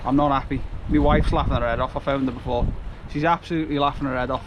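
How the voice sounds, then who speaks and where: A man's voice: medium pitch, steady tone, fast talker, highs cut off. A chatty man, moaning good-humouredly and laughing at his own bad luck as he talks straight to his viewers. He is out on an open riverbank, and a heavy roar of wind buffets the microphone the whole time. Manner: chatty, grumbling and self-mocking. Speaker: fishing vlogger. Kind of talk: casual vlog to camera. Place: outdoors on a windy riverbank. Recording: loud wind noise on the mic.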